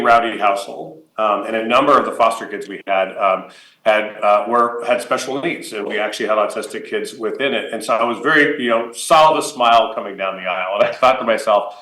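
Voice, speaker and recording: A man giving a conference keynote, telling a personal story in a lively, anecdotal way with fillers and laughs. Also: fairly low pitch. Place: conference hall. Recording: roomy conference hall.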